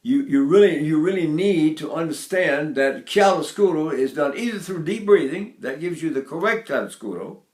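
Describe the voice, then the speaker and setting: A man's voice: a little high, expressive, normal speed, hardly any pauses, reverberant. A man in his eighties giving an informal voice lesson, rambling a little and breaking into short sung demonstrations. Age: 80s. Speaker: voice teacher.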